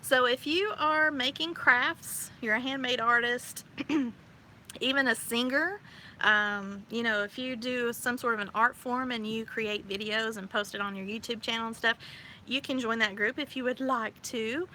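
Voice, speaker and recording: Chatty woman in her forties hosting a live stream, bright and high, laughs a lot, faint breeze behind her. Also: unhurried. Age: 40s. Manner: bubbly, chatty, laughs often. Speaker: livestream host. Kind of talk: casual live-stream chat. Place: outdoors by a pool on a windy day. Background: wind gusts.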